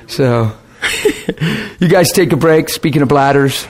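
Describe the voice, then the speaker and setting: A man preaching, telling a personal story to his audience in an animated, emotional way with bursts of laughter. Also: a little high, takes it slowly. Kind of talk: anecdotal storytelling sermon.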